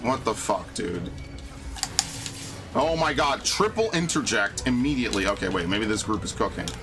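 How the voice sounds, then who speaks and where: A gaming streamer, male, talks at normal speed in a fairly low, expressive voice. He's doing casual live-stream commentary on a video game, cursing and grumbling in a ranty way as game music plays.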